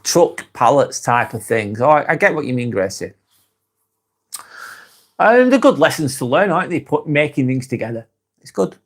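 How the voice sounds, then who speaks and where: A man's voice: medium pitch, very animated, normal speed, pauses often. A man with a Lancashire accent, hosting a casual live stream, reading out viewer comments and answering them frankly, swearing often. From England. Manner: frank, swears freely, muses aloud.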